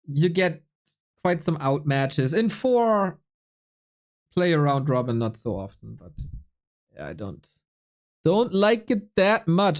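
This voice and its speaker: A man's voice: fairly high pitch, slow pace, long pauses. Tired, chatty male esports caster. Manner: relaxed, chatty, joking with chat. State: tired and a bit unwell. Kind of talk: casual live-stream commentary, chatting with viewers.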